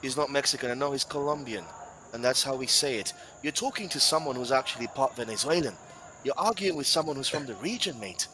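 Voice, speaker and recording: A man's voice: medium pitch, fairly quick, slight background noise. A man commentating live football, chatty and playful, whose first language is Spanish. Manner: chatty, playful, rising to excited shouts at big moments.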